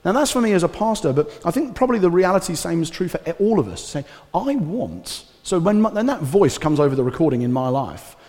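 Conversational pastor preaching in a hall. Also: male voice, fairly high pitch, brisk. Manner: conversational, animated preaching with asides. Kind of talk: sermon. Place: church hall. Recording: reverberant church hall.

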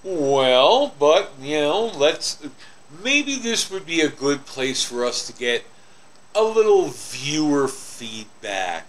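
A man co-hosting a casual chat, speaking slowly with stammered restarts. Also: a little high, very animated, fairly bright tone. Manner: slow, drawn-out, with stammered restarts. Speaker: co-host.

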